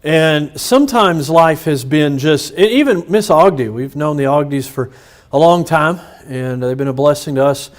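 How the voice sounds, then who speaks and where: A man's voice: a little high, normal speed. A middle-aged man, a pastor teaching a Bible study in a loose, personal way, with restarts and chuckles.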